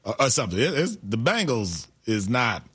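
Male radio co-host, husky voice, lively pitch, quick interjections. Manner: short agreeing interjections, joking.

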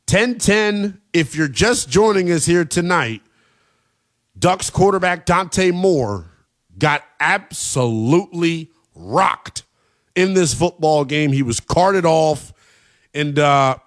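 A man's voice: on the high side, takes it slowly. Hyped-up male sports radio host. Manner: animated, hyped, emphatic, slangy. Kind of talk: late-night college football radio talk.

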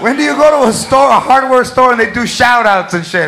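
Picture a brash man doing stand-up comedy. He is profane and keeps slipping into characters. His voice is high, and the live recording carries a noisy crowd and a long reverb from the hall. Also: animated, a little fast, hardly any pauses. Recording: live club with crowd and noise.

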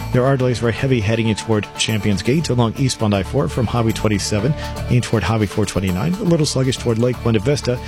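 A man giving a brisk, even radio traffic report. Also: medium pitch, music in the background. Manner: brisk, even newsreader delivery.

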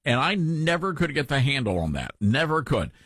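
Southern guy doing talk radio, folksy and opinionated, lively voice, kinda husky. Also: medium pitch, normal speed, dry recording, studio quality. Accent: mild Southern. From Tennessee. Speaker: radio talk show host.

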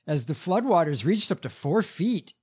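A man's voice: a little high, big pitch swings, normal speed, breathy edge. A man hosting a casual podcast, reading news headlines with hesitant fillers.

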